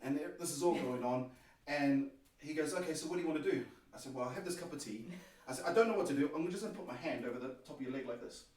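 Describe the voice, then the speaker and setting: Guy telling his story on a podcast, acts out the quotes, highish voice, really echoey room, mic kinda far off. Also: fast talker. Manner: animated, acts out quoted dialogue. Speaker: podcast guest. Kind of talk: personal storytelling.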